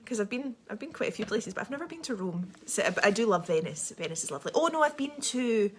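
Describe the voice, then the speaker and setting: A young Scottish woman with a posh accent, chatting quickly and rambling through a casual livestream. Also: fairly high pitch, very animated. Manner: fast, chatty, rambling with many ums. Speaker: livestream host.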